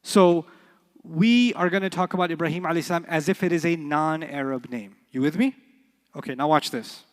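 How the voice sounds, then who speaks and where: A man teaching an Arabic class in a lively, playful way, joking and quizzing his students. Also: fairly high pitch, fairly quick. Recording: long hall reverb.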